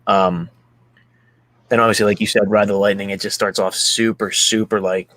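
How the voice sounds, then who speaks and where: A man's voice: fairly low pitch, little pitch movement, moderate pace, a bit bright, dry recording. A man hosting a casual music chat, enthusiastic and swearing freely as he talks through an album. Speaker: podcast host.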